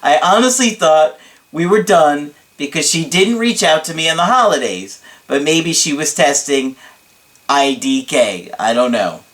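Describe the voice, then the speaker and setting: A man putting on a gushing young guy, higher pitch, drawn-out emphatic lines. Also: animated, fairly bright tone. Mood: effusive. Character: excitable young male client, dramatic and effusive.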